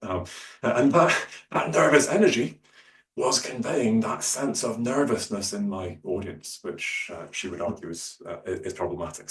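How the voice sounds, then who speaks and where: A man giving a workshop talk on public speaking, with many fillers and restarts, who shifts his loudness and pace. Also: lowish voice. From Scotland. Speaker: lecturer. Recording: roomy, distant mic, faint hum.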